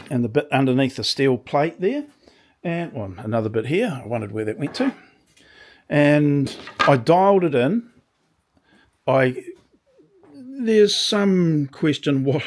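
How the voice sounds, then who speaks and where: A man with a slightly croaky voice, talking casually through a workshop demonstration with rambling asides and dry understatement. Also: medium pitch, a little mellow. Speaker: workshop video maker. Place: small home workshop.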